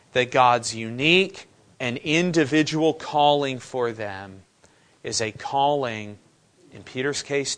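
A man preaching to his congregation in a conversational way. His voice sits at an ordinary middle pitch, and he keeps posing questions to his listeners before answering them himself. He slips into casual paraphrase to make his point. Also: fairly bright tone. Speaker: pastor. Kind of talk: sermon.

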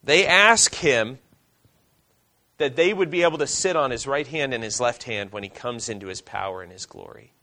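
A male pastor preaching a sermon, reading scripture aloud and asking the congregation questions, slowing down for emphasis. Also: mid-range voice, sharp tone.

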